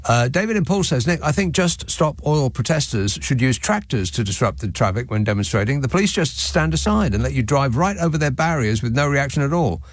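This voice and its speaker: A man's voice: medium pitch, animated, fairly quick, few pauses, no room sound. A man hosting a late-night radio phone-in, reading texts with sardonic, dry asides. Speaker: radio talk show host. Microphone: studio microphone.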